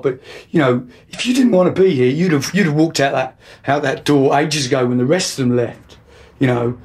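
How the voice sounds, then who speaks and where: A young man delivering a rambling, hesitant comic monologue full of restarts. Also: on the high side. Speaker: comedy monologue performer.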